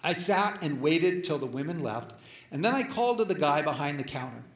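Dramatic storytelling preacher. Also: male voice, a little high, expressive, fairly quick. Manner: dramatic, swings between loud and hushed. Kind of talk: sermon storytelling, reading a letter aloud. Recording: echoey room.

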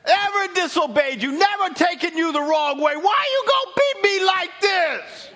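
A man voicing a wronged talking donkey who pleads slowly and loudly. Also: extremely high pitch, lively intonation, pitched above the performer's own voice, full character voice. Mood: aggrieved. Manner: slow, drawn-out pleading, shouting.

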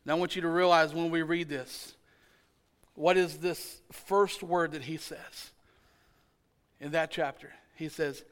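A pastor, preaching a sermon in a church and telling a family story with humorous asides. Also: male voice, on the high side, fairly even intonation, unhurried, long pauses, clear, resonant tone. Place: church sanctuary.

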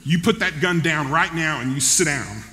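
Man playing elderly devout grandmother, calm, motherly, firm, bright tone, long hall reverb. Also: fairly high pitch, normal speed.

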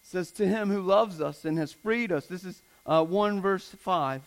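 High-voiced earnest male preacher. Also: moderate pace, poor audio. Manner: earnest, repeats phrases for emphasis. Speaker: pastor. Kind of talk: sermon.

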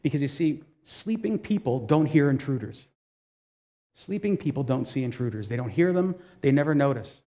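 A man's voice: mid-range voice, expressive, moderate pace, dark tone. A man preaching a sermon in a conversational way, asking the congregation direct questions and telling stories with casual asides. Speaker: pastor.

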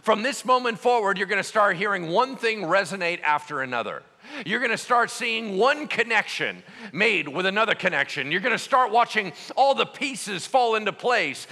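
Lively, questioning sermon delivery from a male pastor, with a bright, ringing voice that swoops up and down. He speaks from a church hall, and a long reverb hangs after every phrase. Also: high voice. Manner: animated, conversational preaching, asks the congregation questions.

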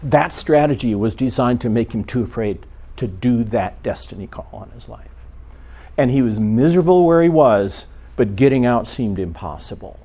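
Animated man preaching a story sermon. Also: medium pitch, normal speed. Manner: animated storyteller, acts out prayers, drops to a hush.

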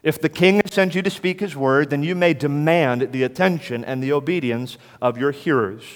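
A man preaching a sermon to fellow pastors, forceful and emphatic, hammering points home with repetition. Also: fairly high pitch, normal speed, long reverb tail.

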